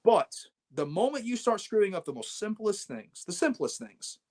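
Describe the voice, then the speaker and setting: A man's voice: high voice, normal speed. Blunt man telling a story. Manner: animated, blunt, acts out his own quoted lines. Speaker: wrestler guest. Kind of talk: storytelling in an interview.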